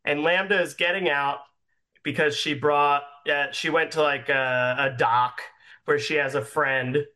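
Brief: young man running a tabletop game, slow rambling narration, slightly high, bright voice. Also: fairly even intonation. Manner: rambling, many fillers. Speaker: game master.

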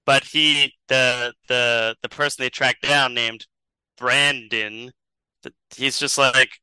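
A man's voice: medium pitch, fairly even intonation, slow pace, sharp tone, clean tone, dry recording, poor audio. A man improvising a comedic story as a podcast host, rambling and chuckling as he goes.

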